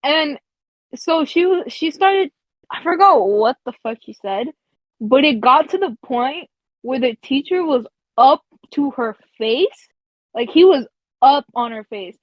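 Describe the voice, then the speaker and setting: A woman with a high voice tells a story in loose podcast chat, swearing freely and filling her sentences with "like." The recording is dry and somewhat dull and lo-fi. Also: animated, a little slow, no room sound. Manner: casual, profane, laughs between phrases, many fillers like "like". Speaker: podcast co-host.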